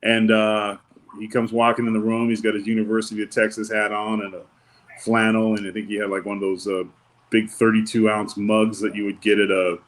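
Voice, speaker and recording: A man's voice: on the low side, flat delivery, a little fast. A man telling stories in a casual interview, loose and rambling, acting out the people he quotes. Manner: loose, rambling, with many fillers and restarts. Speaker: wrestling guest.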